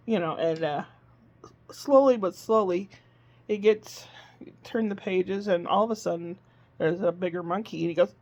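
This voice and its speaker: A woman's voice: lowish voice, moderate pace, darkish tone, dull audio. A woman vlogging in casual chat, rambling through a homey story with plenty of fillers, from her living room.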